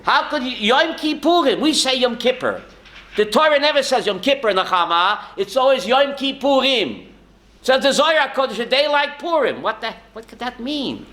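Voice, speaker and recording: A male rabbi giving a lively Torah class, asking rhetorical questions and calling on listeners by name. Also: very high voice, normal speed. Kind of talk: Torah class to a live audience.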